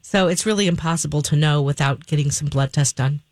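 A man speaking as a veterinarian on a call-in radio show, explaining in a measured way. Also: fairly high pitch, no echo. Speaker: veterinarian guest expert.

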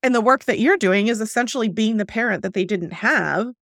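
A woman's voice: a little high, brisk, vocal fry, fairly bright tone, no echo, clean studio sound. A woman hosting a podcast, talking in a reflective, chatty way with lots of fillers. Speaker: podcast host. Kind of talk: conversational podcast interview.

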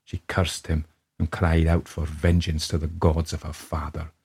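Guy putting on a scottish accent, low husky voice, slow grave ghost story reading. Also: monotone, darkish tone, full character voice. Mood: sombre. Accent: put-on Scottish. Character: brooding Scottish man telling his tale.

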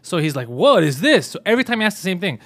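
A young man talks fast in a slightly high voice, retelling an annoying story with animated exasperation. His chat is casual and full of swearing, and his lines come quickly.

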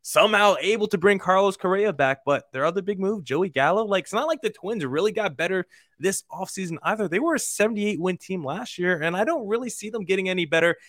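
A man co-hosting a sports talk show, giving emphatic, quick opinions. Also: high voice, expressive, fairly bright tone, dry recording, studio quality. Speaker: podcast co-host. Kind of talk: casual sports chat.

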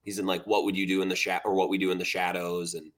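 A man's voice: sits low, flat delivery, quick pace, fairly bright tone. A man co-hosting a casual sports podcast, talking in an easygoing, rambling way. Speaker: podcast co-host.

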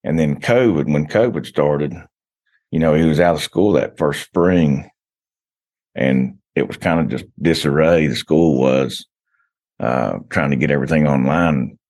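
A man's voice: a bass voice, a little slow, darkish tone. A man telling long rambling stories as a podcast guest, full of restarts and "you know.". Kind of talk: casual podcast chat.

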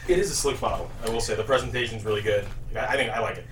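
A man's voice: lowish voice, very fast, a bit bright. A man as a podcast guest in casual chat, rambling with restarts and dry jokes. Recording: roomy, distant mic with faint noise.

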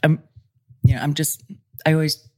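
With a deep voice at normal speed, a woman in her forties from California tells stories as an interview guest in a Los Angeles studio. She used to wrestle professionally, and she animatedly acts out the voices of the people she quotes.

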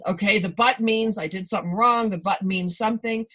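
A woman's voice: medium pitch, steady tone, a little fast, a bit bright, poor audio. A woman hosting a parenting talk show, upbeat and affirming as she gives advice and wraps up the conversation. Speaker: podcast host. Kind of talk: radio talk show host.

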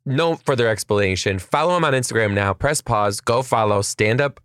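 A man, hosting a comedy podcast with energetic, jokey and profane chatter. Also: mid-range voice, normal speed, dry recording, clean studio sound. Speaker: podcast host. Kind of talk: casual chat.

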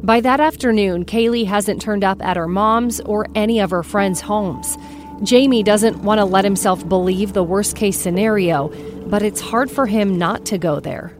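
A woman host giving measured, suspenseful scripted narration of a true-crime story. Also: mid-range voice. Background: soft music bed.

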